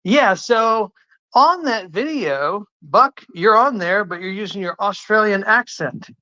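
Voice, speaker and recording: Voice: mid-range voice, lively intonation, measured pace, sharp tone, dull audio. A participant in an online audio room, teasing another speaker with rambling, profane questions. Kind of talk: casual chat in an audio room.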